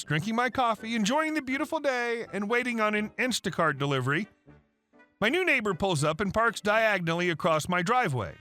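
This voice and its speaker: A man narrating reddit stories aloud in an animated storytelling manner. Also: high voice. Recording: faint background music.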